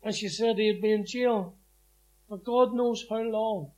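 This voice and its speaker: Here a middle-aged man who was once in prison tells his testimony plainly and vividly, performing the quotes of the people involved. He speaks high, steady and a little mellow at a measured pace, on dull-sounding audio.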